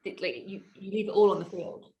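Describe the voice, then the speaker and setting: A woman's voice: mid-range voice, fairly even intonation, a little fast, creaky, dark tone, poor audio. A woman co-hosting a podcast, chatting casually about football in a chatty way. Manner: chatty, many fillers and restarts, laughs easily. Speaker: podcast co-host. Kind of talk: casual sports chat.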